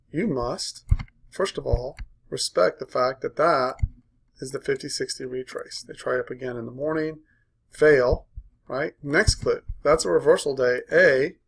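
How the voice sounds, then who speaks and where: A man with a mid-pitched voice and a gravelly, fry-laden texture leads a live trading coaching session. He talks through a chart in clipped, punchy bursts and keeps checking in with "right?". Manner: brisk, punchy, tags points with "right?"; walks through a chart aloud.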